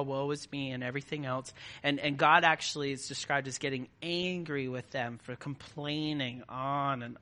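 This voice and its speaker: A man's voice: medium pitch, sharp tone. A man preaching a conversational sermon to a live congregation, often checking in with his listeners. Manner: conversational, keeps checking in with the audience.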